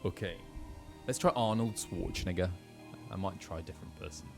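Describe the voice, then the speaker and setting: A man's voice: deep voice, fairly quick, gravelly, over music. A British man, a voice actor, chatting casually and self-deprecatingly while streaming a game. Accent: British English. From Britain. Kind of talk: casual gameplay chat.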